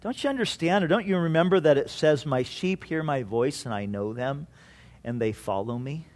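A man's voice: fairly high pitch, normal speed, a little mellow, voice pushed down, natural voice. A man voicing a good-humored sheep farmer who teases a young pastor in a folksy way. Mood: earnest.

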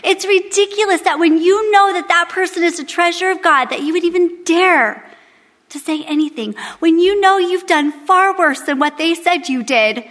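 A woman in her thirties giving a candid, humorous, animated devotional sermon to a women's Bible study. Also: extremely high pitch, normal speed, in a large hall. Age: 30s.

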